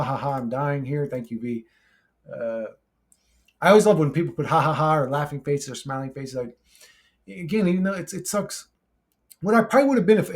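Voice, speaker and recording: A man in his forties reading viewer comments aloud in a brash, profane, casual monologue, laughing often. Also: medium pitch. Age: 40s.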